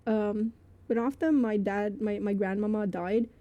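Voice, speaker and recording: A woman's voice: mid-range voice, fairly even intonation, measured pace, dark tone, highs cut off. A woman streamer telling a story to her live chat, rambling with lots of fillers and laughing between phrases.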